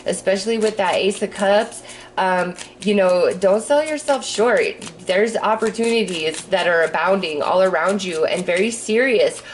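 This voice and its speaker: A woman's voice: medium pitch, normal speed, a little hiss or hum. A woman giving a casual tarot reading, chatty and rambling with plenty of fillers. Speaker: tarot reader.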